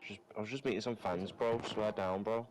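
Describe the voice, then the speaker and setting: Deep streamer, crude slangy trash talk with mates on chat. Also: male voice, fairly even intonation, a little fast, crowd noise, low-quality recording. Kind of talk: casual banter with friends on voice chat.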